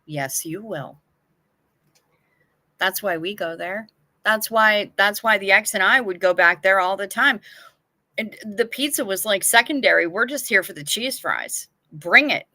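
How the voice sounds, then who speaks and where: A woman's voice: medium pitch, moderate pace, sharp tone, no room sound. A woman hosting a casual livestream, chatting frankly and swearing freely as she answers viewer comments. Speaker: livestream host.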